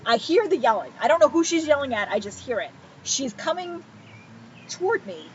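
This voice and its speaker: A woman telling a story in casual chat, animated and sarcastic, acting out the people she quotes. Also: high-pitched, normal speed. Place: outdoors by a pool. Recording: muffled, noisy poolside recording.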